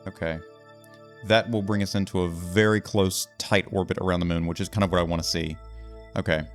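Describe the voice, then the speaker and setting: A man giving casual let's-play commentary, excitable and talking himself through each move of a game. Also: sits low, fairly quick, soft background music. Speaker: gaming video host.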